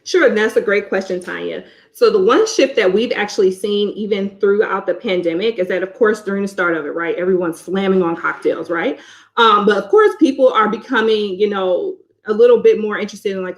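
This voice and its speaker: A woman answers a judge's question over a video call at an ordinary pitch. She is friendly and loose, leaning on little fillers as she explains. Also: fairly quick. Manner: friendly, many fillers like you know. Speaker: business founder answering judges. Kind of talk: conversational Q&A.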